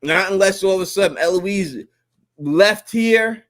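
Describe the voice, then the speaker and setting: A man co-hosting a live stream in casual chat, animated and slangy, laughing often. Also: high-pitched, a little slow.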